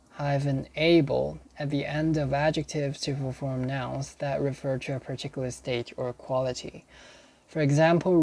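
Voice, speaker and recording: Slow-paced man, self-study dictionary read-through, halting delivery that repeats each example. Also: mid-range voice, darkish tone. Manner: halting, repeats sample sentences, restarts and self-corrects. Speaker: English learner studying a dictionary. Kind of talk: reading dictionary entries aloud and explaining them.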